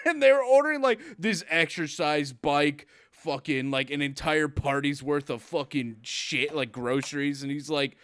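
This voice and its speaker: A young man co-hosting a casual podcast, telling stories with lots of profanity and sarcastic put-on voices. His tone is bright and forceful. The sound is dry and close, with no room behind it. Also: on the high side, lively intonation, measured pace, clear, resonant tone, no echo. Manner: profane ranting, loud mocking put-on quotes. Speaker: podcast co-host. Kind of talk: casual chat.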